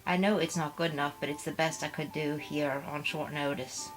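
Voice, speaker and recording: Woman doing a polite young Southern soldier, gentle, low voice. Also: fairly even intonation, moderate pace, soft background music, lightly acted, low-quality recording.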